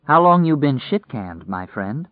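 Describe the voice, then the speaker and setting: A man's voice: mid-range voice, sing-song, unhurried, no echo, pitched above the performer's own voice. A man doing a sly, coaxing menace. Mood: coaxing, sinister. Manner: smooth, coaxing drawl. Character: sly, menacing man playing soothing and friendly. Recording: dry, tinny phone-like sound.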